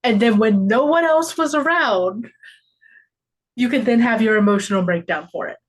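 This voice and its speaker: A woman's voice: a little high, moderate pace. A woman in her forties co-hosting a podcast, chatting casually in a reflective way and laughing often. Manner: reflective, laughs often, talks about parenting. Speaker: podcast co-host. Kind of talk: casual chat.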